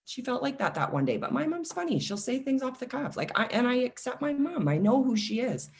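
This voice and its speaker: A woman in her forties, a self-love coach, talking casually and telling personal stories with lively acted-out quotes. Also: high-pitched, a little fast, slight background noise. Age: 40s. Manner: animated storytelling, acts out quoted voices. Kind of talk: casual podcast conversation.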